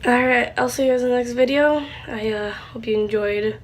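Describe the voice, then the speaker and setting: A young woman, likely a teen, talking in a casual vlog, rambling and halting with many fillers, tearful with a stuffy nose. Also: a little high, slight background noise. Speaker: channel host.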